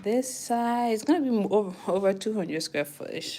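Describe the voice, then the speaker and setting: A woman's voice: mid-range voice, normal speed, creaky, hardly any pauses, dark tone. A young woman giving a casual, chatty walkthrough of an apartment indoors. She laughs often and tells her stories with animation, filming on a handheld phone. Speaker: vlogger. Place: indoors, walking through an apartment.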